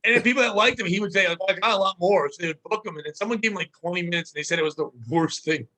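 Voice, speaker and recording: A man co-hosting a podcast, telling a story in casual chat, animated and profane, acting out the people he talks about. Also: sits high, racing. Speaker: podcast co-host.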